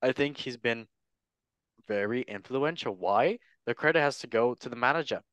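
Jokey male show host, smooth voice. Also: medium pitch, animated, normal speed, fairly bright tone, no room sound, dull audio. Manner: jokey, teasing, reads news aloud. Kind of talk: casual panel chat.

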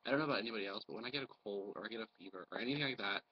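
A man's voice: on the low side, rapid-fire, a little hiss or hum. Man vlogging while sick with a cold; blunt, profane, rambling rant; muffled lo-fi recording. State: has a cold. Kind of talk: casual ranting vlog.

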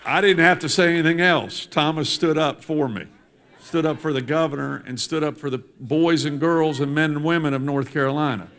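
A man's voice: on the high side, steady tone, brisk, a bit bright, some chatter behind. A politician addressing a church congregation, speaking emphatically and building his points through repetition. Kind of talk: speech to a congregation. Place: church sanctuary.

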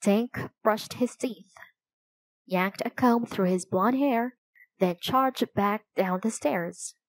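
Woman narrator for a children's storybook, slow and clear, mid pitch, dry close sound. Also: no echo, rough recording. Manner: slow, clear, even reading.

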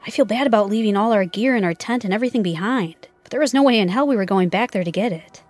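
Female narrator for first-person horror reading, measured and steady, mid-range voice. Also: medium pitch, faint music behind. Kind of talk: scripted narration.

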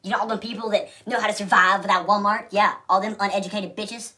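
A man's voice: high voice, steady tone, fast talker, sharp tone. A man voicing a self-righteous, deer-loving activist in a mocking, swearing comedy skit.

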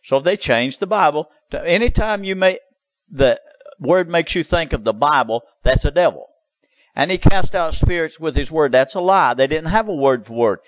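A man's voice: on the high side, expressive, moderate pace, no echo, rough recording. A man preaching a sermon in an insistent, repetitive way, with drawled "you see" asides.

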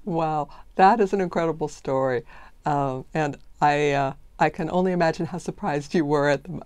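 A woman's voice: low voice, darkish tone, dry recording. A woman interviewing a guest, polite and gracious as she thanks him. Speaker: interviewer, program director. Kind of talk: formal interview.

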